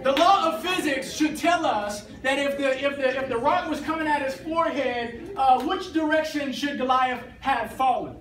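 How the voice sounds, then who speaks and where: A man teaching a youth Bible class in a church classroom, telling the story in an animated, slangy way. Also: very high-pitched, moderate pace, few pauses, some chatter behind. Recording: echoey hall, distant mic, faint hiss.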